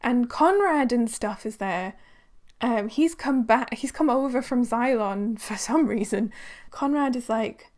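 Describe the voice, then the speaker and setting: A woman's voice: on the high side, unhurried, a little mellow. Chatty sarcastic young woman reviewing a book. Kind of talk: casual book review vlog.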